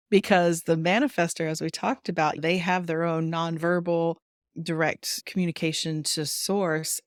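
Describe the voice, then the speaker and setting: A woman's voice: sits low, dry recording, clean studio sound. Chatty woman explaining on a podcast. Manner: friendly, chatty, laughs often, acts out quotes. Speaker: human design guide, guest.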